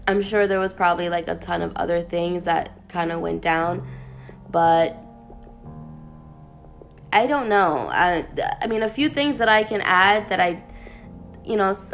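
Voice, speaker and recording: A woman talking casually to her viewers in an anime review, chatty and animated, with playful asides. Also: medium pitch.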